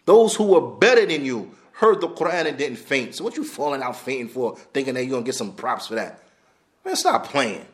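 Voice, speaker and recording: Male religious class teacher, mid-pitched, blunt and animated, casual English sprinkled with Arabic terms. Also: brisk. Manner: animated, blunt street-style talk, laughs, mixes in Arabic terms. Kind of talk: lecture on hadith.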